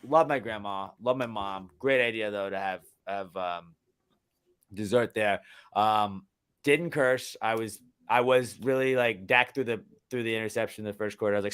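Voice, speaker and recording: A young man co-hosting a sports podcast, ranting heatedly and with lots of swearing, jumping between loud outbursts and low muttering. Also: normal speed, smooth. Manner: heated, profane, swings from shouting to muttering. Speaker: podcast co-host. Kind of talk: casual sports podcast rant.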